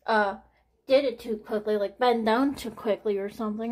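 Halting, anxious woman in her forties. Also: fairly high pitch, fairly even intonation. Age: 40s. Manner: halting, swearing, sighing, repeats herself. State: anxious, near tears. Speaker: vlogger. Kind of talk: candid personal vlog talk.

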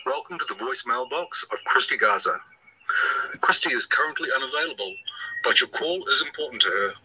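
A man reading a mock-formal voicemail greeting in a deadpan, dry-humored way. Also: medium pitch, brisk, a little hiss or hum, rough recording. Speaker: friend recording voicemail greetings.

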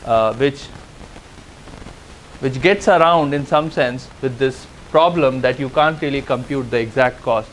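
A man's voice: mid-range voice, a little hiss or hum, rough recording. Man lecturing in a classroom. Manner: explains step by step with frequent "uh" and "okay". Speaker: university lecturer. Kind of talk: classroom lecture on game theory.

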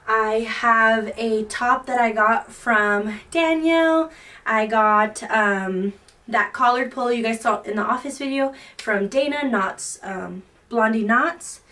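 A young woman in her twenties talks through her crafting vlog in an excitable, gushing way, her voice sitting a little high. She is a little distant from the mic in her home office, with a faint hiss behind her. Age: 20s. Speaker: crochet vlogger. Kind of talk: casual vlog chat.

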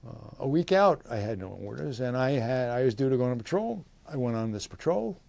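A man's voice: mid-range voice, very animated, brisk, gravelly, darkish tone, no room sound. A man in his eighties, a veteran, recalling his service in an oral history interview, rambling with fillers and short laughs. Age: 80s. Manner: voices quoted people in livelier tones.

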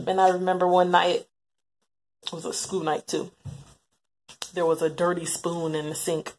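A woman's voice: on the low side, level tone, moderate pace, pauses often, darkish tone. A woman giving emotional personal testimony about her brother, reflective and repeating phrases for emphasis. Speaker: interviewee recalling her brother.

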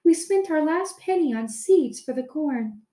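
Woman doing a sharp-tongued farmer's wife, scolding, high voice, echoey room. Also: lively intonation, unhurried.

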